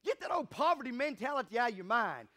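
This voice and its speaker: A man preaching a sermon as pastor, fervent and calling for responses from the congregation, rising to loud emphatic peaks. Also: very high voice, very animated, fast talker.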